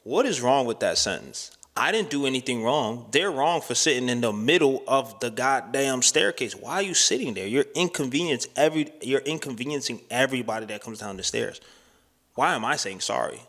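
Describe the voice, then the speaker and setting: A man's voice: medium pitch, lively intonation, fairly quick, a bit bright. A man talking candidly and casually to the camera in a rambling, slangy vlog. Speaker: vlogger. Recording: long hall reverb.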